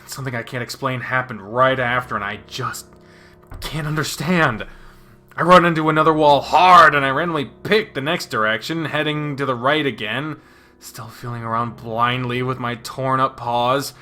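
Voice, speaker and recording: Man giving a dramatic bright-voiced reading. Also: medium pitch, moderate pace, faint music behind. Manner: expressive, moves from hushed near-whispers to loud panicked reading. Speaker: channel host reading a visual novel aloud. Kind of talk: dramatic first-person reading of a game story.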